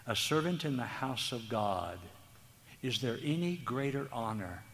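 A man preaching a sermon, earnest and tender, speaking slowly with emphasis. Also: mid-range voice, expressive, fairly bright tone. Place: church hall. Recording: long hall reverb, faint background noise.

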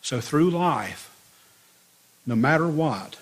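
A man preaching a sermon to his congregation, telling a parable in a lively storytelling manner. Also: slow pace. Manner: storytelling with lively swings in pitch and loudness.

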